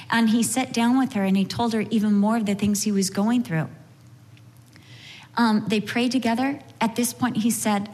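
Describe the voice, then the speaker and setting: A woman's voice: mid-range voice, steady tone, normal speed, darkish tone. Earnest woman teaching in a reverberant hall. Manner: earnest, storytelling, lightly humorous. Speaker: speaker at a marriage session. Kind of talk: sermon-style teaching with anecdotes.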